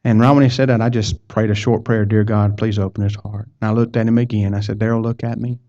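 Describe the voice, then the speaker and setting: A man's voice: on the low side, level tone, fast, mellow. A man preaching a sermon, telling a personal story in a folksy way and repeating words as he goes. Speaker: pastor. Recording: dull lo-fi sound.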